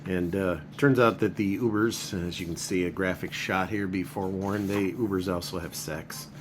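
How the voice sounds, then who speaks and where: Rambling man with a lowish voice. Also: fairly even intonation, normal speed, a little hiss or hum. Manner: rambling, heavy use of filler words. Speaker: comic book reviewer. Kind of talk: casual spoken review.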